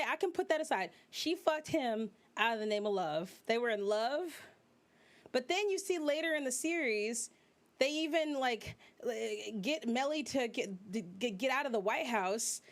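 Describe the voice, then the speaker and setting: A young woman VTuber host giving casual, profane, animated commentary, exclaiming as she rants. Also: high-pitched, normal speed.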